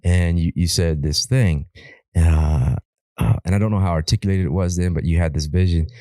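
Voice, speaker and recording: A man from Alaska talks as a podcast guest in a very low, mellow voice. He rambles through his stories with lively energy and salty language. The sound is close and dry, with no room around it. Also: normal speed, no room sound. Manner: rambling, animated storyteller who swears freely. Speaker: podcast guest, wildland firefighter. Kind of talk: casual podcast conversation.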